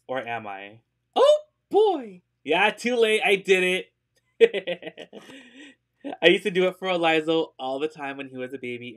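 A man's voice: medium pitch, fairly bright tone, clear, resonant tone. Chatty, giggly man hosting a live sale. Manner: chatty and giggly, with frequent fillers; upbeat and gushing. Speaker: host selling secondhand designer purses live. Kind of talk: casual live-stream sales chat.

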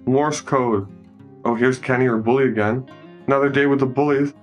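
A man's voice: mid-range voice, steady tone, normal speed, soft background music. A man casually narrating a film scene by scene, joking and commenting as he goes. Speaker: movie recap narrator. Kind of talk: casual improvised movie narration.

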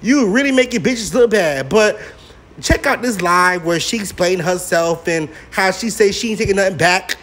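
A man's voice: sits high, fairly bright tone. A man giving sassy, scolding commentary on celebrity gossip. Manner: sassy, scolding, drawn-out exclamations.

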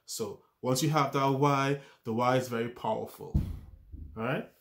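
A man's voice: mid-range voice, normal speed, gravelly, fairly bright tone. A man giving a self-improvement talk, coaching with rhetorical questions and often stumbling and restarting his words. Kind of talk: motivational talk to camera.

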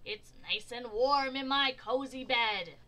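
A woman's voice: a little high, slow pace, pushed and bright, pitched above the performer's own voice, poor audio. A woman voicing a grumpy, stubborn male groundhog who drags out his refusals in a storybook reading.

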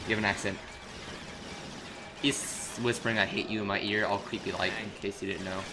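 A man's voice: lowish voice, fairly even intonation, moderate pace, noisy background. A man co-hosting a gaming channel, chatting and joking casually while playing.

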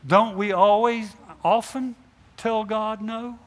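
A man's voice: on the high side, lively intonation, slow, fairly bright tone. Man preaching in a reverberant church. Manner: acts out imagined dialogue, asks the congregation questions. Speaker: pastor. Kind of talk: sermon. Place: church sanctuary. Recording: long hall reverb in a church.

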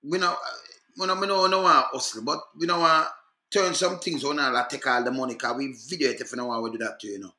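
A man's voice: mid-range voice, fast talker, bright, forceful tone, reverberant. A Jamaican man vlogging on the spot, talking insistently and repeatedly checking that the viewer follows him. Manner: insistent, repetitive, calls out to viewer. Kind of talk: casual on-the-spot commentary.

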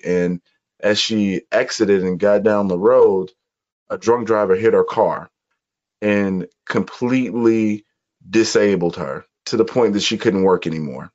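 A man from Chicago, a podcast guest, telling his life story in an earnest, measured way during an interview. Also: on the low side, darkish tone. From Chicago, USA. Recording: dull lo-fi audio.

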